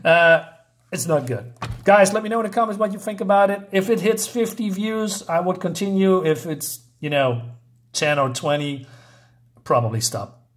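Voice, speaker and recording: A man's voice: sits high, normal speed. Rambling man reacting to a comic. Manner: hesitant, filler-heavy, incredulous. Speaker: channel host. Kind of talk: casual reading and reaction commentary.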